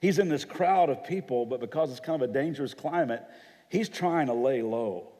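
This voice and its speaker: A pastor preaching a sermon, telling stories vividly and acting out the voices of people in them. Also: male voice, mid-range voice, expressive, normal speed, dark tone, in a large hall. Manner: dramatic storytelling, acts out quoted voices. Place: church hall.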